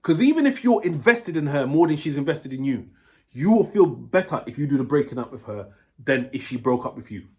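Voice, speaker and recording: A British man talks through dating advice in a loose, blunt monologue, swearing freely. He keeps checking in with the listener as he goes, at an ordinary, middle pitch. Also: sing-song, a little fast, darkish tone.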